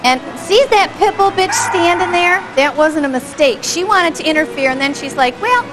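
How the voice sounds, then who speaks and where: High-voiced chatty woman instructor. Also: normal speed, music in the background, low-quality recording. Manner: chatty, engaged, asks the audience questions, chuckles often. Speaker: dog behavior instructor. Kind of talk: live commentary on home video for a class.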